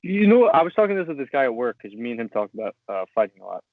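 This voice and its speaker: A man co-hosting a casual sports podcast, excitable and laughing often as he reads posts aloud. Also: medium pitch, racing, no room sound. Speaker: podcast co-host. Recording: dry, tinny phone-like sound.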